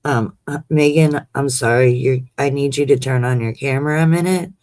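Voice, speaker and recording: A woman's voice: a bass voice, steady tone, normal speed, darkish tone, no room sound. A middle-aged woman hosting a livestream chat, rambling along and calling her guests honey. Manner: rambling, chatty, calls people honey. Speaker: livestream host. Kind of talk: casual chat.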